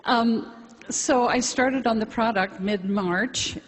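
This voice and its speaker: A woman's voice: a little high, slow. A middle-aged woman giving a chatty, rambling, self-deprecating testimony to a convention audience. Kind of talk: casual spoken testimony to an audience. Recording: hall reverb, faint crowd and noise.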